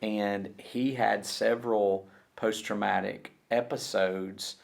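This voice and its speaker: A man hosting a podcast and working as a counselor explains ideas in a measured, teaching way in a casual interview. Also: on the low side, fairly even intonation, creaky.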